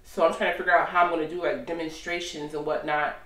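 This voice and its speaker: A chatty woman talking through her week in a casual vlog, animated and open. She sits a bit back from the mic in a roomy, echoey space. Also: sits low, fast talker, distant mic. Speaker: vlogger.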